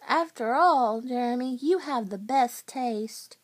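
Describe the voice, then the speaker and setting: A woman doing a soft Southern schoolgirl. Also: a little high, slow pace. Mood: polite. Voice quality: soft-spoken. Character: polite, sweet young schoolgirl.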